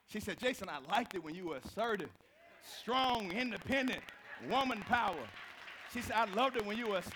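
Man, pastor, live sermon, high voice, animated storytelling, loud bursts. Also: brisk, noisy background. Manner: animated storytelling, swinging from low to shouted. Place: in front of a live congregation.

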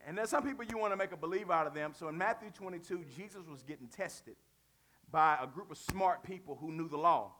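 A man preaching a sermon in a lively, conversational way, asking the congregation questions and using slang. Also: fairly high pitch, fast.

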